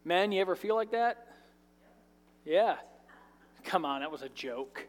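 A man's voice: sits high, lively intonation, a little slow. A male pastor preaching a sermon in a church sanctuary, conversational with light asides and jokes. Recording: reverberant large church hall.

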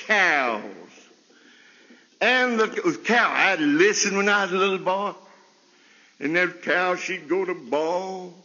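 A man preaching a folksy sermon with a stutter, often laughing and leaping into high bursts. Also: bright, forceful tone, in a large hall, highs cut off. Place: chapel service.

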